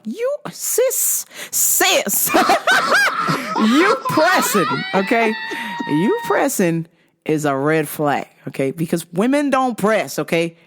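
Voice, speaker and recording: A woman hosting a podcast, casually telling profane stories, acting out other people's lines and laughing at her own jokes. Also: on the low side. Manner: acts out quoted voices. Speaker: podcast host. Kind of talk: casual storytelling.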